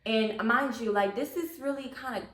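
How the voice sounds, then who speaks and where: A woman vlogger telling a personal spiritual story in a chatty, expressive way, often calling the listener baby. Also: a little high, moderate pace, echoey room, recorded from a distance. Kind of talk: casual storytelling to camera.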